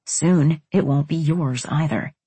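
A hard, blunt young man from a romance audiobook, speaking in short clipped lines, low and a little husky, as a woman reader puts him on. The sound is close and dry, with no room around it. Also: takes it slowly, mellow, dry recording, full character voice. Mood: taunting.

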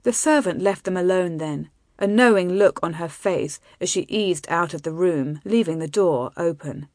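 A woman reading a romance novel aloud in a soft, intimate, measured way. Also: lowish voice, no room sound, studio quality. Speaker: audiobook narrator. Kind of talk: scripted romance narration.

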